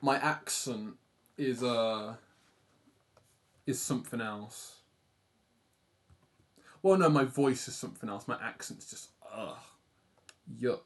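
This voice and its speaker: A man's voice: mid-range voice, slow pace, long pauses. A young British man from the UK chatting casually on a live stream, rambling and self-deprecating, reading chat aloud and swearing offhand.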